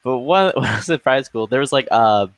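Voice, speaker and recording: A man's voice: mid-range voice, animated, fast talker, dry recording. A young man telling a school story in casual chat, laughing and swearing as he goes.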